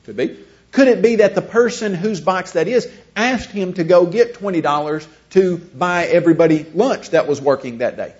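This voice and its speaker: A man's voice: high-pitched, normal speed, hardly any pauses. A man giving a conversational teaching lecture, asking his listeners rhetorical questions. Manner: asks the audience rhetorical questions. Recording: dull lo-fi recording.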